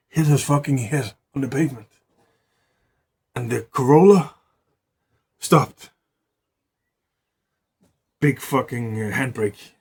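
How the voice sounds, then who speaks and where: A man's voice: medium pitch, darkish tone, slightly rough. A man improvising a rambling, profanity-laced story in a casual way, often restarting words.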